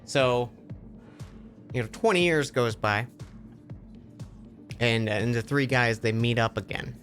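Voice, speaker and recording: A man's voice: mid-range voice, takes it slowly, a bit bright, faint music behind. A man chatting on a live gaming stream, telling a long joke with lots of stammered restarts. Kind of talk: casual live-stream chat while gaming.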